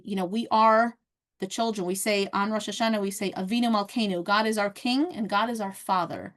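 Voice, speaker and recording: A woman leading a relaxed lesson, her voice at an ordinary middle pitch. She tells the story in an easy, chatty way, with ums and little restarts as she thinks aloud. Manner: conversational, many fillers and restarts. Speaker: Torah class teacher.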